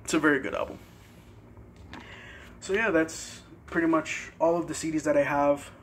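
A young man casually showing his CD collection in a vlog, relaxed and a bit hesitant, pausing over tricky words. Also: on the high side, slight background noise. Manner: relaxed, hesitant with fillers and careful pronunciation. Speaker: vlogger. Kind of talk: casual CD collection show-and-tell.

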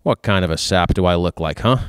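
A man reading aloud and voicing a stern older male drugstore owner who speaks quietly and accuses bluntly. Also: sits low, brisk, clean tone, dry recording, clean studio sound, lightly acted. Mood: accusing.

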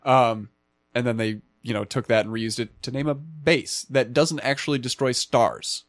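Man musing haltingly in dry room. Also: medium pitch, fairly even intonation, no room sound. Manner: halting, thinks aloud with many restarts. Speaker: podcast co-host. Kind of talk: casual film review chat.

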